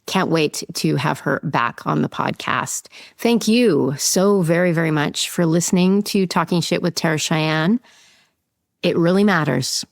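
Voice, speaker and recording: A woman's voice: low voice, a little slow, vocal fry, no room sound, clean studio sound. A woman hosting her own podcast, chatting casually with a guest and reading the outro, playful, swearing and laughing often. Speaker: podcast host. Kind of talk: casual interview chat and outro.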